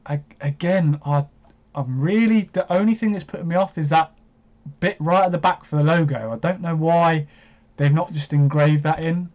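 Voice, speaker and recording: A man's voice: on the high side, normal speed. Chatty male streamer, lo-fi sound. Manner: chatty, hesitant, bursts into excited reactions. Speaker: live stream host. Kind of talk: live watch-along commentary.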